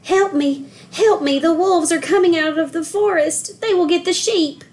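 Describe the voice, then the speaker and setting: A woman voicing a young shepherd boy in a children's storybook read-aloud, crying out for help in high, loud calls. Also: moderate pace. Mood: panicked. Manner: loud high shouting of alarm. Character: young shepherd boy, mischievous then frightened.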